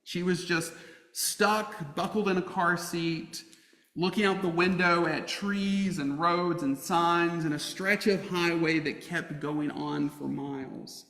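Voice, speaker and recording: A man preaching a sermon as a pastor, telling a family story with humor and lively emphasis. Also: fairly high pitch, slow pace. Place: church sanctuary. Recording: roomy church hall reverb.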